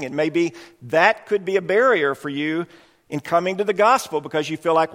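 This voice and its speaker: A male preacher with a fairly high voice, giving an earnest sermon that explains his points carefully. His words hang in a long hall reverb. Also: moderate pace, a bit bright.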